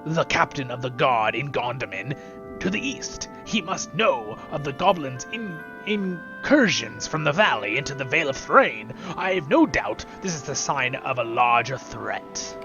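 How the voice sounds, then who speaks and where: A man voicing a gruff, bearded male dwarf leader in a grumbly, forced Scottish-style brogue over game music. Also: mid-range voice, very animated, measured pace, muffled recording. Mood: alarmed, commanding. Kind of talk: voicing video game characters.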